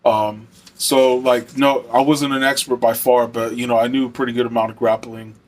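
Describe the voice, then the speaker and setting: A man's voice: medium pitch, flat delivery, moderate pace. Rambling young man telling a story. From Arizona. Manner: rambling, filler-heavy, swears often. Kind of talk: casual storytelling.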